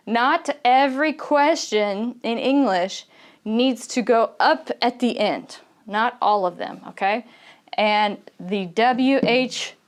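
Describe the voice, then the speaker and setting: A woman in her young adult years gives an online English lesson. Her voice sits a little high and she takes her time, spelling out each word clearly and pausing to check that learners follow along. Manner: slow, clear teaching delivery with frequent laughs and "okay?" checks. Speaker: English pronunciation teacher.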